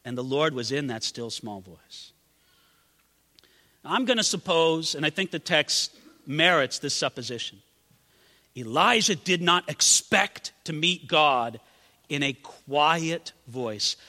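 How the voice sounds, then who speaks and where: A high, bright male preacher delivers a sermon in a big hall with a long reverb tail. His voice climbs to ringing exclamations, then drops to hushed, intimate lines. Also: animated, slow pace. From California. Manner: dramatic, swings from loud exclamations to hushed near-whispers. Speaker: pastor.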